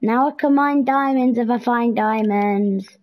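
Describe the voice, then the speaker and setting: A young woman giving casual, excitable commentary while playing a video game, pleading with and scolding game characters. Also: on the high side, unhurried, lo-fi sound. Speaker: gameplay streamer. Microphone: headset or console mic.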